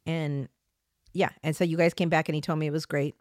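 Middle-aged mom correcting the details. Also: female voice, low voice, fairly even intonation, a little fast, dry recording, clean studio sound. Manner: interjecting, correcting details, quoting her son. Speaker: mother chiming in on a family story. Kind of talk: casual conversational chat.

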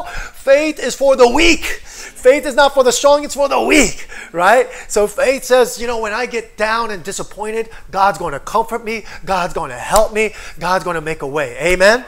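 A man's voice: extremely high pitch, moderate pace. A man preaching an online sermon with lots of energy, often calling out for an amen and acting out people's inner voices. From foreigner living in Korea. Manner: energetic, calls for amens, acts out inner voices. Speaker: pastor.

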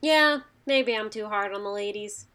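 A woman's voice: medium pitch, normal speed, fairly bright tone. A woman co-hosting a casual podcast, rambling and chatty with frequent fillers. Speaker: podcast co-host. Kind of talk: casual chat.

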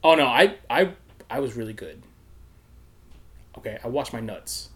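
A man's voice: mid-range voice, expressive, moderate pace. A man telling a story in casual chat, laughing often and acting out other people's voices.

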